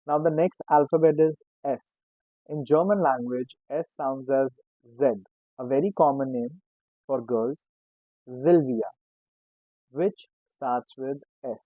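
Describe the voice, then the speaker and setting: A man teaching a beginner language lesson, speaking slowly and explaining patiently while repeating each example word. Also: mid-range voice, dark tone, dry recording. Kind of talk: casual spoken lesson. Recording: tinny phone-like sound, dry.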